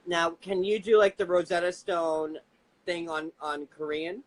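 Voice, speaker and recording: A man hosting a live stream, asking rambling questions full of filler words and swearing when he gets excited. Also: high-pitched, unhurried, low-quality recording. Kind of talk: casual live-stream interview.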